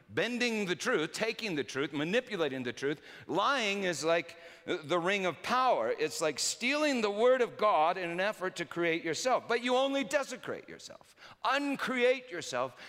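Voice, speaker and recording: A man preaching a sermon through personal stories, swinging between loud emphasis and hushed quiet. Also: high-pitched, big pitch swings, unhurried. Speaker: pastor. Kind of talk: storytelling sermon. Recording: reverberant hall.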